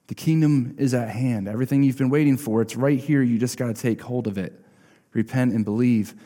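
Guy pastor preaching a sermon, dark mellow voice, chatty, keeps saying right?, long echo like a big church hall. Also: medium pitch. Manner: conversational, keeps asking "right?".

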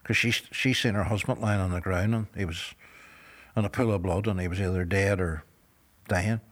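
A man in his sixties with a Northern Irish accent speaks in a low voice. He tells his story to an interviewer in a measured, earnest way and fills his pauses with "you know". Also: steady tone. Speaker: guest.

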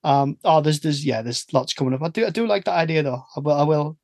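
A man's voice: a little high, quick pace, creaky, darkish tone, no echo. An English man in casual podcast chat, rambling and cutting himself off mid-sentence. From England. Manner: chatty, rambling, self-interrupting. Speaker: podcast host.

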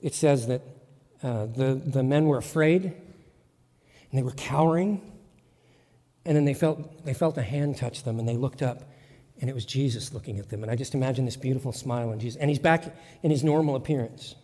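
A man's voice: medium pitch, a little fast, warm tone. A man preaching a sermon as pastor, in an emphatic, conversational way with lots of repetition. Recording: long church reverb.

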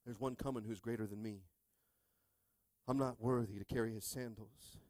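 A male pastor in his thirties preaching a sermon, calling out to the congregation and swinging from quiet asides to shouting. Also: fairly low pitch, fairly even intonation, normal speed, no echo.

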